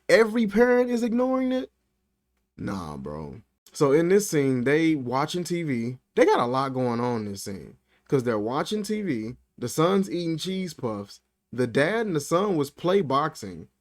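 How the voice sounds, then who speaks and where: A man giving a casual movie review, animated and incredulous, talking in loose slang. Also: mid-range voice. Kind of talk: casual film commentary.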